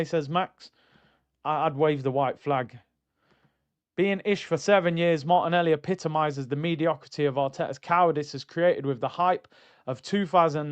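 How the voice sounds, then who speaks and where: Middle-aged guy hosting a fan stream; high-pitched, mocking, slightly dull lo-fi audio. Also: smooth. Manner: animated, mocking, jumps into high exclaims. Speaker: football fan channel host reading viewer comments. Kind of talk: casual live-stream rant.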